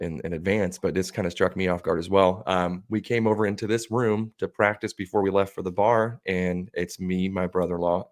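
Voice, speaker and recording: A man co-hosting a podcast, telling a story casually and animatedly, acting out what his friends said and swearing freely. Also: sits low. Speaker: podcast co-host.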